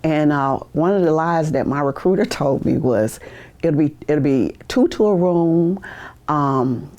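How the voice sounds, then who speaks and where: Recorded with lo-fi sound in a university media studio, an American veteran in her sixties gives an oral history interview, speaking a little slowly. With easy humor and a low, mellow voice, she tells her stories, laughing now and then and acting out what others said.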